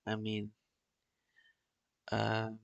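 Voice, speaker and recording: Gravelly middle-aged man, slow rambling. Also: on the low side, completely flat delivery, no echo, muffled recording. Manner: rambling, halting, full of "you know" and restarts; wistful, resigned musing. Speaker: podcast host. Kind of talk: casual solo monologue.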